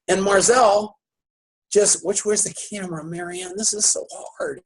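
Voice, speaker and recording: A man's voice: high-pitched, steady tone, unhurried, slight background noise, rough recording. A middle-aged man, a radio talk show host, telling a long anecdote on camera in a coffee shop and acting out both sides of the conversation. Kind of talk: storytelling on camera.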